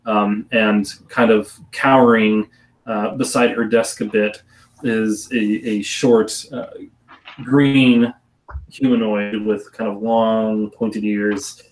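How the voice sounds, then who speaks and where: A man's voice: lowish voice, little pitch movement, slow pace, recorded from a distance, slight background noise. A man narrating a tabletop game as game master, hesitant and full of restarts, recording from a room at home. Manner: hesitant, many fillers and restarts.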